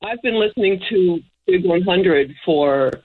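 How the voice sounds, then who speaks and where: A woman's voice: on the low side, expressive, a little slow, husky. A woman calling in to a radio show to complain, irritated and scolding. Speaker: caller. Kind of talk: complaining phone call. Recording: tinny phone line.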